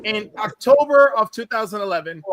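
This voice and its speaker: A man hosting a casual panel chat on a video call, telling stories in an animated, gushing way. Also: sits high, fairly quick. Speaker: host.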